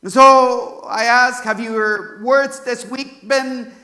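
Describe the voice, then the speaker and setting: California pastor guy, really high bright voice, chatty sermon, lots of "you know" and "right?". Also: fairly even intonation, slow. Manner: conversational preaching, many fillers and rhetorical questions.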